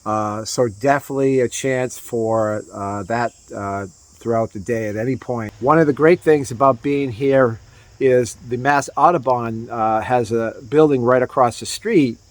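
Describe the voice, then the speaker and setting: A man's voice: medium pitch, a little slow, no room sound. A man co-hosting a casual hiking vlog outdoors on a trail, easygoing and rambling with many fillers. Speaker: hiking vlogger.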